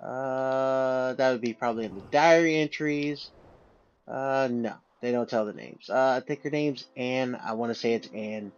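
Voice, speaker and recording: A man's voice: medium pitch, measured pace. A man doing let's play commentary, reading game text aloud and musing with fillers. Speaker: gamer. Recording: dull lo-fi audio with game music.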